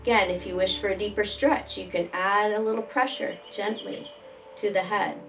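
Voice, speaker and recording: A woman leading a chair yoga class, giving calm, gentle step-by-step cues for breathing and stretching. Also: medium pitch, normal speed. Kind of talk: guided exercise instruction. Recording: voice from a distance, faint background music.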